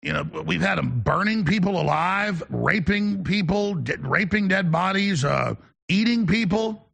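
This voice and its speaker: Gravelly, emphatic talk show host man. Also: high voice, animated, fairly bright tone. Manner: emphatic, ranting, fast-talking. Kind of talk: opinionated talk radio monologue.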